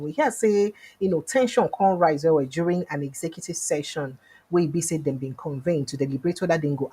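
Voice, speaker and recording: A woman's voice: low voice, husky. Nigerian woman hosting pidgin news. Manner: animated, acts out quoted lines loudly. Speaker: news show host.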